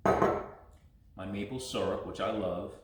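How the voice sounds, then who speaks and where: A man's voice: fairly low pitch, steady tone, slow pace. A man casually walking through a recipe step by step as co-host of a home cooking vlog. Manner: easygoing, talks through each step. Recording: echoey room with faint noise.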